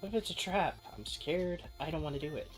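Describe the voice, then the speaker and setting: A man's voice: normal speed, faint music behind, lightly acted. A man voicing a timid schoolgirl who turns into a feisty Southern gal with a put-on Southern drawl. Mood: scared. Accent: put-on American Southern. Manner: high, scared whining, then drawling and sassy.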